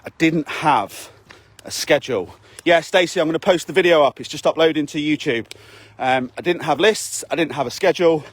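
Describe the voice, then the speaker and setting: A man's voice: fairly high pitch, brisk, slightly rough, dry recording. A man, a fitness coach, giving a blunt, sweary motivational talk to his camera while out walking, often asking "okay?". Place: outdoors on a walk.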